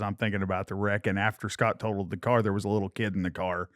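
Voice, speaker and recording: A man's voice: lowish voice, steady tone, fairly quick, no echo, clean studio sound. Laughing man telling road stories. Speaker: musician guest. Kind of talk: casual storytelling.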